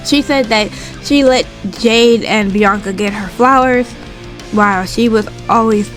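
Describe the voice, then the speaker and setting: A woman casually recapping a wrestling show in a vlog, chatty and full of fillers. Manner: animated retelling, acts out quotes in a higher voice; chatty with frequent fillers and asides.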